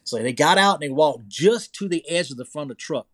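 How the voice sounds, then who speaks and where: Excitable Southern man telling a tale. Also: a little high, brisk, no echo. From Louisiana. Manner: excitable storyteller, repeats phrases, checks in with the listener. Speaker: podcast guest. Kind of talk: telling a personal story.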